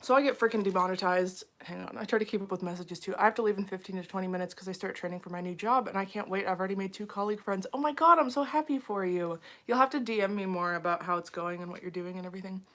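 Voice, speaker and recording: A woman's voice: mid-range voice, fairly even intonation, very fast, hardly any pauses, a bit bright. A young woman chatting casually on a home live stream, frazzled and full of fillers, talking to viewers as she reads the chat. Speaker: livestreamer.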